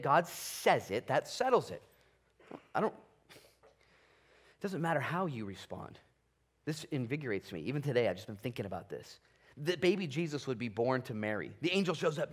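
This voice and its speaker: A man preaching a sermon from a church stage with animated, exclamatory delivery that swings between loud bursts and quieter asides. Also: moderate pace, pauses often, breathy edge. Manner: hushed, low prayer voice. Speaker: pastor.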